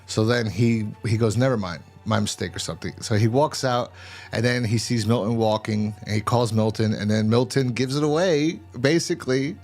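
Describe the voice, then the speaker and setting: A man's voice: mid-range voice, normal speed, a little mellow, faint music behind. A man hosting a casual TV episode review, recapping the plot in a rambling way and often restarting his sentences. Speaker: show host reviewing TV episodes.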